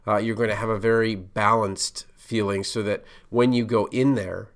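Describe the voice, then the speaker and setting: A man's voice: fairly low pitch, fairly even intonation, moderate pace. A middle-aged man hosting a solo podcast, talking casually with many fillers and restarts as he gives career advice. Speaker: podcast host, pharmacist.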